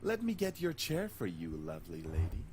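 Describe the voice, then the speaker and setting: A man's voice: low voice, huge pitch swings, moderate pace, a little mellow, a little hiss or hum. A man playing a flirtatious incubus charmer. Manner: smooth, teasing, flirtatious.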